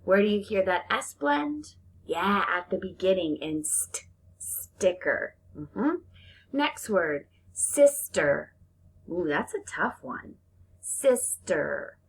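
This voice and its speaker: A woman teaching young children a phonics lesson, talking in a sing-song, drawn-out teacher manner and giving lots of praise. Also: medium pitch, very animated, husky.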